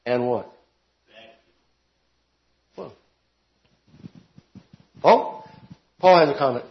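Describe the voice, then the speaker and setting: A man teaching a Bible class. He talks expressively, rising to emphatic peaks and dropping to quiet asides. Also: mid-range voice, extremely slow. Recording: dull lo-fi classroom recording.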